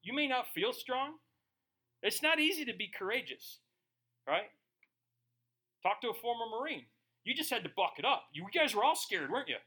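A male pastor preaching a sermon, reading scripture slowly and then talking casually with asides. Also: extremely high pitch, big pitch swings, bright, forceful tone, husky. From Germany.

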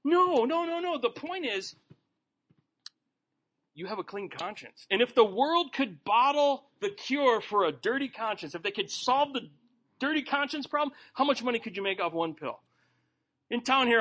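A man's voice: extremely high pitch, pushed and bright. A man leading a Bible study in a folksy, joking, conversational sermon. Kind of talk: informal sermon.

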